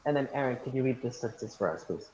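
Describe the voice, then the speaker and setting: Guy teaching a class over video call, mid pitch, keeps repeating stuff, roomy lo-fi sound. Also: animated, quick pace, a little mellow. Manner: repeats instructions, calls students by name.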